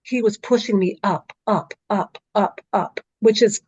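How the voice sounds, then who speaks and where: A middle-aged woman speaks as a podcast guest, telling a story in a vivid, conversational way full of little fillers. Her voice sits at an ordinary pitch. The recording is close and dry, with a slightly dull, muffled tone. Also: unhurried, darkish tone, husky, no room sound. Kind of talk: recounting a dream in conversation.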